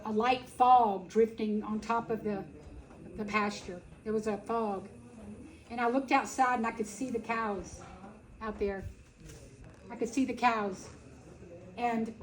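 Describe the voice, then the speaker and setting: A middle-aged woman telling a personal story at a festival, dramatic, acting out quotes and swinging between loud and soft. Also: fairly high pitch, slight background noise, poor audio. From Texas. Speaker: speaker at a festival. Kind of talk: storytelling talk.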